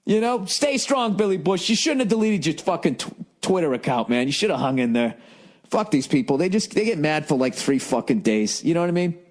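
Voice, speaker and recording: A man's voice: on the high side, animated, fairly quick. Swearing, ranting male podcast host. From United States. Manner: profane, ranting, sarcastic. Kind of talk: solo comedy podcast monologue.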